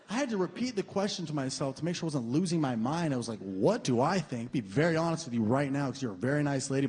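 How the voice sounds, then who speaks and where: High-voiced stand-up comic in a reverberant club. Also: male voice, vocal fry. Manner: animated, mocking voices, loud comic outbursts. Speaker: stand-up comedian. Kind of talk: stand-up comedy set. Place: comedy club stage with a laughing audience. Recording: long hall reverb, faint room noise.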